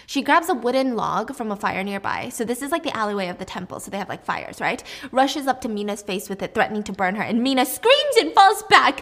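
A woman's voice: fairly high pitch, sing-song, a little fast, few pauses, fairly bright tone. Chatty woman recapping a drama. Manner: chatty, sarcastic asides. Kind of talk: casual recap storytelling.

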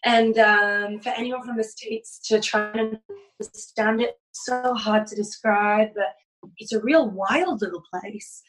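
A woman's voice: mid-range voice, unhurried, rough recording. A woman from England, chatting as a podcast guest and laughing often. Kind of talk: casual podcast chat.

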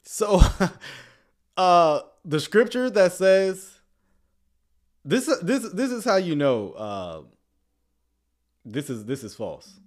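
Lively, laughing male commentator. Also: high-pitched, slow, long pauses. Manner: chuckles often, jumps between quiet asides and excited outbursts. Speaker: commentator reacting to clips. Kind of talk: casual reaction commentary.

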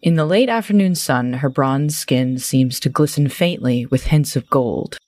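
A woman's voice: extremely low pitch, a little slow, a little mellow, no room sound. A woman running a tabletop game, narrating scenes in detailed, cinematic description. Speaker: game master.

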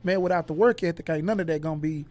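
High-pitched guy telling stories on a podcast, animated, does everybody's voices. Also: very fast. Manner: animated storyteller who acts out others' lines. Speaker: guest. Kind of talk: casual conversation, storytelling.

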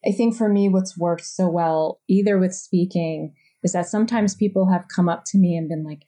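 A woman's voice: on the low side, moderate pace, few pauses, warm tone. Laughing New Jersey woman podcast host. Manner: chatty, self-deprecating, laughs often. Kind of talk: casual conversational interview.

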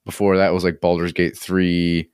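A man hosting a relaxed podcast chat, easygoing and often repeating his first words. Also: deep voice, normal speed, smooth, no echo, studio quality. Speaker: podcast host.

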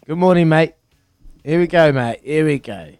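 A New Zealand man runs a call-in quiz on morning radio, upbeat and teasing. His voice sits a touch high for a man. The studio sound is dry and close. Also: moderate pace, darkish tone, no room sound. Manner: upbeat, counts down and teases callers. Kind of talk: breakfast radio quiz banter.

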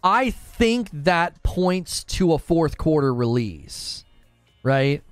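Lively-pitched man chatting about games. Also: slow pace, clear, resonant tone, no room sound, soft background music. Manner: rambling, conversational, answers chat questions. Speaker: gaming news host. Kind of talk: casual chat.

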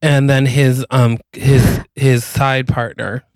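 A man co-hosting a podcast, spinning a playful improvised western story with halting restarts. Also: medium pitch, little pitch movement, darkish tone, dry recording, low-quality recording. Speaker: podcast co-host.

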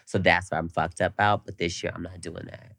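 A young man co-hosting a podcast, telling an animated story in casual chat and swearing freely. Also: low-pitched, fairly quick, vocal fry, no room sound. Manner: animated storytelling, frequent cursing. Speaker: podcast co-host.

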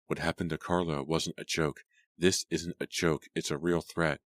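A bitter, frightened teenage girl, read by a man with a very deep voice. Her lines come out low and murmured. The recording is dry. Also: flat delivery, moderate pace, no echo.

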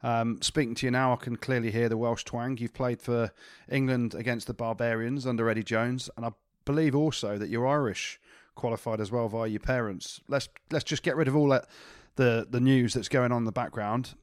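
A man's voice: mid-range voice, steady tone, a little fast, dry recording, studio quality. A man co-hosting a podcast, asking questions and teasing the guest cheerfully. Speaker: podcast co-host. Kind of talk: casual podcast chat.

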